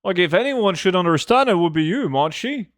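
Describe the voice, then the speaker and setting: Man, gaming streamer at a desk mic. Slightly high voice, dry close sound, casual jokey chat with frequent swearing. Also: lively intonation, fairly quick, no room sound. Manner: joking, swears freely, hums to himself. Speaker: gold-farming game streamer. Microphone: desk microphone.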